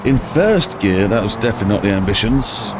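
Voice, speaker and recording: Excitable man over loud car noise. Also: fairly low pitch, a little fast. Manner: excitable, chatty, reacting to the race. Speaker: streamer. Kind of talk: live racing game commentary. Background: loud racing car engine noise.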